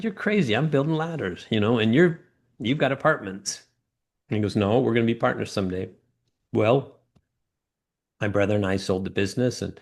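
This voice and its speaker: A middle-aged man, a guest in an interview, telling stories with lively acted-out quotes. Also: lowish voice. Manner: animated storyteller acting out quoted voices. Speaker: guest, former ladder company owner. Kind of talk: storytelling interview talk.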